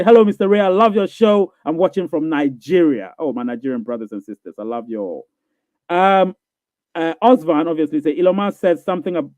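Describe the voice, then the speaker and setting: A man's voice: on the high side, dark tone, no echo. Repetitive emphatic man on a tinny stream. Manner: emphatic, repeats phrases, asks "you get what I'm saying?". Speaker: live Q&A show host. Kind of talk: live-stream chat reading comments. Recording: thin phone-like audio.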